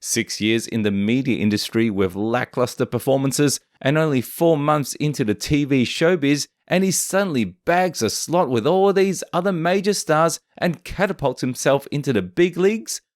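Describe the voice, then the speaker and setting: A man's voice: mid-range voice, moderate pace, hardly any pauses, dry recording, studio quality. A man reading a scripted commentary voice-over in a snarky, opinionated way. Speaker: commentary narrator.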